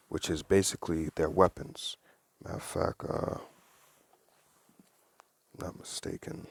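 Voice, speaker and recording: A man's voice: a bass voice, fairly even intonation, a little slow, gravelly, long pauses, slightly rough, no room sound. A man giving a casual Bible study, reading verses aloud and explaining them in an earnest, conversational way. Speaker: Bible teacher.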